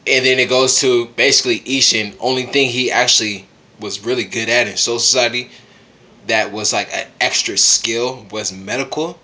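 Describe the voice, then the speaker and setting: A man's voice: mid-range voice, bright, forceful tone, slight background noise. Loose, profane, slang-heavy man reviewing. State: high and tipsy. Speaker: manga reviewer. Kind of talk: casual profane review vlog.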